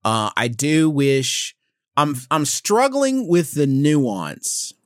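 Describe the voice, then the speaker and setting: Animated man riffing on a comedy podcast. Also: very slow, no room sound, studio quality. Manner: animated, jumps into high silly voices for jokes. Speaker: podcast co-host. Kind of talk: casual comedic chat.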